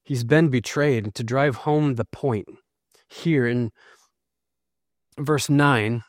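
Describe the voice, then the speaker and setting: A man's voice: mid-range voice, takes it slowly, no room sound, studio quality. A man preaching an expository sermon, earnest and emphatic as he explains and reads scripture. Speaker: pastor.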